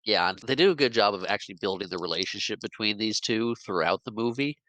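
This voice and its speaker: A man's voice: lowish voice, animated, quick pace, bright, forceful tone, dry recording. A man co-hosting a podcast about a film, chatting casually, giving short agreements and laughing often. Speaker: podcast co-host. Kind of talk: casual movie discussion.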